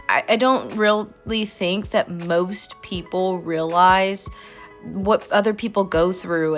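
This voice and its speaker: Faint music plays behind an artist vlogger as she draws and chats casually, sounding sincere and heartfelt with a bit of rambling. Her voice sits in the mid-range and is a touch bright.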